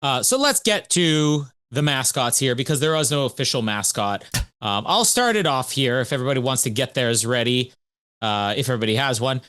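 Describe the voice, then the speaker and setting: A man co-hosting a podcast, telling stories in an animated, chatty way. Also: mid-range voice, a little fast, clear, resonant tone, no room sound. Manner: animated, chatty storytelling with laughs. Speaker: podcast co-host. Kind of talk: casual podcast chat.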